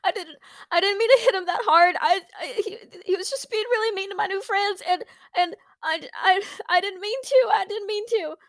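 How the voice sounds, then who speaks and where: A woman's voice: very high voice, moderate pace, a bit bright, dry recording, pitched above the performer's own voice. A woman voicing a remorseful young student healer who stammers through tears. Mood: tearful. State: crying.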